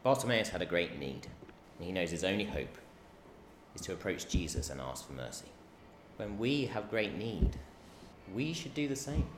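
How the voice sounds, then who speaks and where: A man's voice: sits low, very animated, moderate pace, pauses often. A man preaching a sermon, impassioned, acting out the cries and the crowd's voices as he goes. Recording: roomy hall echo, faint background noise.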